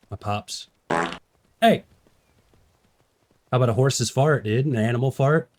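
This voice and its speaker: A young man chats loosely through a game stream in a mid-range voice. He jokes around, riffs on whatever is on screen and keeps it light and goofy. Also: medium pitch. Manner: goofy, jokey, does animal noises. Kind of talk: casual gameplay commentary.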